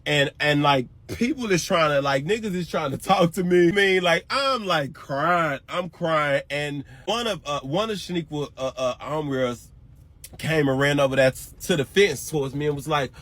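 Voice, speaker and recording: Man retelling a heated personal story, expressive and profane. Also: a little high, moderate pace. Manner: emotional, profane, acts out quoted lines. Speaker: storyteller in a social media clip.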